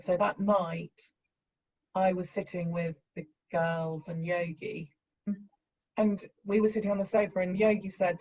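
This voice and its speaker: A woman earnestly recounting a personal story, halting and acting out the lines of the people she quotes. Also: medium pitch, muffled recording. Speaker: bereaved mother sharing her story.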